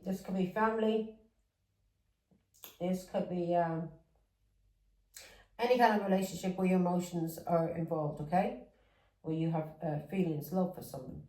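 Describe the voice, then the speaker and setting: A woman's voice: on the low side, normal speed, pauses often, mellow, echoey room, recorded from a distance, poor audio. A woman giving a casual tarot reading, chatty and plain-spoken, often checking in with her listener. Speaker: tarot reader.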